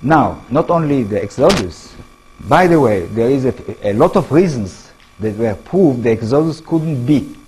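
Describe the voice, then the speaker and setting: Israeli-accented man lecturing, lively pitch. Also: slight background noise, rough recording. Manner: halting non-native English, many restarts, asks audience questions. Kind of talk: public lecture.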